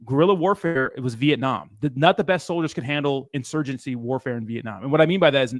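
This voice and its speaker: Fast-talking blunt male co-host. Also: medium pitch, dry recording, clean studio sound. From San Diego. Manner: blunt, profane, opinionated. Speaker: livestream co-host. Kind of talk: casual livestream chat.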